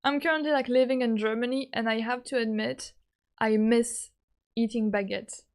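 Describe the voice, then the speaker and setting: A woman's voice: fairly high pitch, fairly even intonation, normal speed. A young woman from France with a French accent, chatting casually and giggling often with her live-stream viewers.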